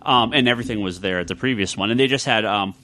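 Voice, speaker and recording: A man's voice: lowish voice, quick pace, bright, forceful tone. A man hosting a casual roundtable podcast, rambling with many ums and likes. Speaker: podcast host.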